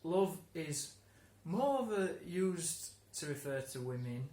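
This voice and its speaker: A man's voice: a little high, sing-song, takes it slowly, mellow. A man explaining words in a conversational lesson, laughing and restarting often. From England. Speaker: English teacher. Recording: roomy room, faint ambience.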